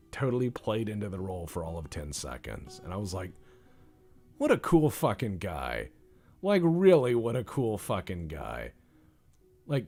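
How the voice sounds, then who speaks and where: Deep-voiced man rambling over a game. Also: darkish tone. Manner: rambling, profane, self-deprecating. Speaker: gaming channel host. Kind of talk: casual let's-play chat.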